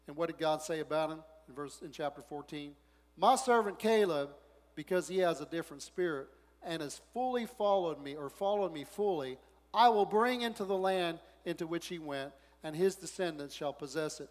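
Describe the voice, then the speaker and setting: A man pastor preaching a sermon, reading scripture quietly, then rising into loud, excited preaching. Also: a little high, normal speed, long reverb tail.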